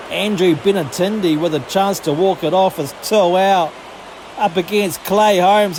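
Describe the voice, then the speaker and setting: Commentating on his own game like a sportscaster, a high-voiced man who hosts a gaming channel curses, cracks jokes, and gets excited about every move. His delivery is measured with some vocal fry, over a steady hum of background noise.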